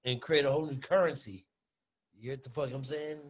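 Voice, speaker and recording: A man's voice: medium pitch, steady tone, a little fast. A man in a mid-range voice hosting a loose podcast conversation. He talks in slang, swears, and keeps the talk casual. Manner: slangy, says "bro" a lot, swears. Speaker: podcast host. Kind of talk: casual chat.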